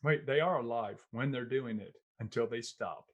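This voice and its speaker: A man hosting a podcast as a physician, talking in a loose, animated way, laughing often and tossing in "man" and "it's like.". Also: mid-range voice, moderate pace, dull audio. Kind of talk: casual conversation.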